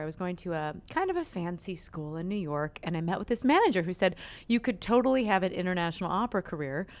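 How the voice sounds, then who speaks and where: A woman from Minnesota, an opera singer guest, telling her story in a friendly, easygoing way. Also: medium pitch. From Minnesota, United States. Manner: friendly, laughs easily, storytelling. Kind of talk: casual interview.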